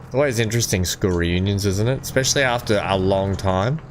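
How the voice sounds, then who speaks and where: A man's voice: fairly low pitch, brisk, a little hiss or hum. Chatty man rambling over a farm game. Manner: chatty, rambling, laughs at own jokes. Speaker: gameplay streamer. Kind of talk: casual gameplay commentary.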